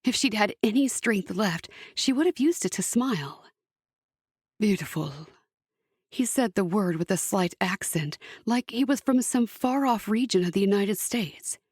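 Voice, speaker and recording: A woman reading an audiobook as narrator, measured storytelling. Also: mid-range voice, expressive, darkish tone, no room sound, studio quality. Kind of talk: scripted narration.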